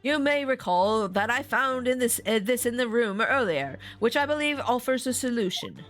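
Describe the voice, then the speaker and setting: A smug, grandiose Victorian detective holds forth in theatrical tones, as a woman puts on a man's voice. The voice sits on the high side for a gentleman and never loses its self-satisfied polish. Soft game music plays faintly underneath. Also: animated, moderate pace.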